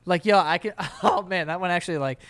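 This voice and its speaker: A man's voice: high voice, fast talker, a bit bright. A young man co-hosting a comedy podcast, rambling with many fillers, laughing often and acting out quotes. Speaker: podcast co-host. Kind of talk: casual comedic banter.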